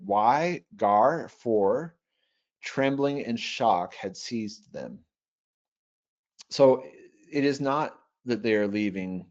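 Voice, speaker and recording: Low-voiced man teaching over dull webinar audio. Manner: measured, reads Greek slowly and works through grammar aloud. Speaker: Bible software trainer.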